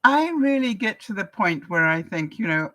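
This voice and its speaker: A woman's voice: mid-range voice, sing-song, moderate pace, pushed and bright, poor audio. An older woman from Canada, hosting a live vlog broadcast and chatting casually with viewers, laughing often. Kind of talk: casual advice chat to viewers.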